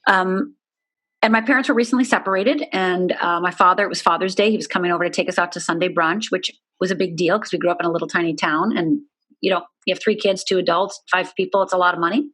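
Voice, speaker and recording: A woman's voice: fairly low pitch, fast talker, a bit bright. Candid woman telling her story. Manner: earnest, candid, fillers like "you know". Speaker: guest. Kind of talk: personal storytelling in an interview.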